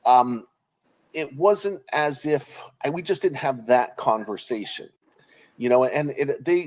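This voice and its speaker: A man's voice: medium pitch, a little mellow, rough recording. A man in his forties speaks over a remote call connection. He sounds earnest and openly emotional, often restarting sentences and letting phrases trail off. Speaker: guest. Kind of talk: personal interview over a call.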